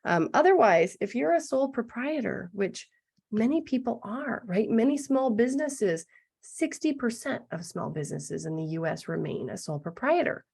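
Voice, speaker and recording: A middle-aged woman with a gruff, hoarse voice explaining business legal basics in an online masterclass, often checking in with "right?". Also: a little high, lively intonation, moderate pace, a little mellow. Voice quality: gravelly. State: gruff, throat-clearing voice. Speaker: business lawyer presenting a masterclass.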